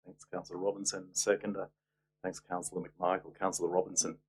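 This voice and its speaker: A man chairs a council meeting as mayor, with a very low voice that barely moves in pitch. He runs through agenda items in a businesslike way and adds dry asides. A faint hum sits behind him. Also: flat delivery, fairly quick, a little mellow, poor audio.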